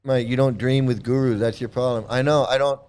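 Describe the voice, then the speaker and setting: A man with a mid-range, darkish, clear and resonant voice talks fairly quickly in a steady tone. Hosting a commentary video, he rants at viewers with anger and sarcastic mockery, often repeating himself and stumbling over restarts.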